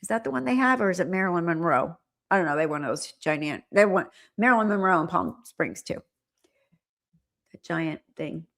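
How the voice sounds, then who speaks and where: Middle-aged lady rambling to her stream chat, slightly low voice, keeps restarting her sentences. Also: expressive, quick pace, vocal fry, fairly bright tone. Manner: rambling, chatty, trails off and restarts. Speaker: livestream host. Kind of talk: casual chat with viewers.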